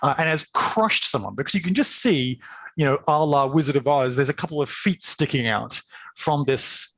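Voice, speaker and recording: A man's voice: on the high side, animated, moderate pace, fairly bright tone, no room sound. A man as game master, narrating a tabletop game in an enthusiastic, chatty way, full of fillers.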